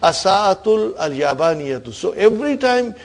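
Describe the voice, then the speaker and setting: A man's voice: sits high, sing-song, moderate pace, vocal fry. A man teaching an Arabic grammar class, quizzing his students and checking in with a "huh?" between points. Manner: questioning students, frequent "huh?" and laughs.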